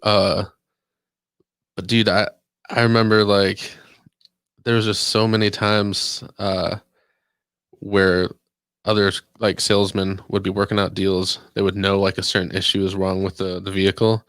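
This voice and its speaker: A man's voice: low-pitched, flat delivery, measured pace, long pauses, a bit bright, smooth, dry recording. Rambling man telling stories, dry sound. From Ohio, US. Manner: rambling, says "dude" a lot, swears. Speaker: podcast guest. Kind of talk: casual storytelling chat.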